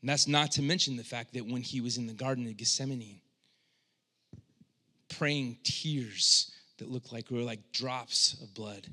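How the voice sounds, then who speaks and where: Bright-voiced preacher, hushed to fervent. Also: male voice, unhurried. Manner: swings from hushed, low delivery to loud impassioned cries; conversational, with frequent "like" and restarts. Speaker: pastor. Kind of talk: sermon.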